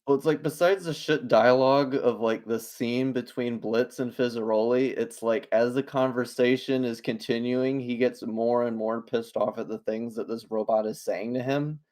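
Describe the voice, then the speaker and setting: A man's voice: medium pitch, steady tone, normal speed, hardly any pauses, darkish tone. A man co-hosting a podcast, sarcastic and profane, picking apart a video's claims. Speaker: podcast co-host. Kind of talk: casual critique chat.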